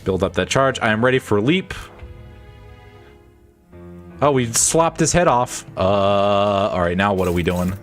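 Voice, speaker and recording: A man's voice: lowish voice, a little slow, long pauses, soft background music. A man streaming a game playthrough, joking around, laughing often and reading lines in mock-dramatic voices.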